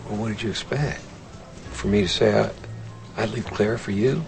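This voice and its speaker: An anguished, gravelly married man. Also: lowish voice, moderate pace, faint music behind. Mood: tender. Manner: soft, pleading, breaking into hushed confession. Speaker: married dentist confessing to his lover. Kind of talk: film drama acting.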